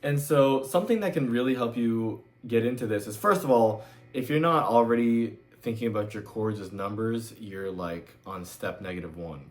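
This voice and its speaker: A man giving a casual guitar lesson in a loose, chatty way, sometimes singing the chord numbers. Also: mid-range voice. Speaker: music teacher. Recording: loud guitar playing behind the voice.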